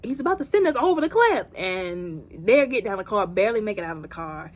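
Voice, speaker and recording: A woman, recapping a movie in a chatty, animated way, often exclaiming. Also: medium pitch, fast. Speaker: movie reviewer.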